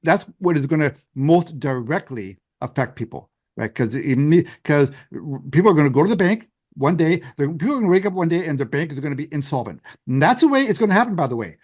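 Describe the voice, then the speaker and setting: A man's voice: a little high, animated, quick pace, hardly any pauses, a little mellow. A man co-hosting a podcast who talks in a matter-of-fact, casual way with some hesitant fillers. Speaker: podcast co-host. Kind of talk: casual conversation.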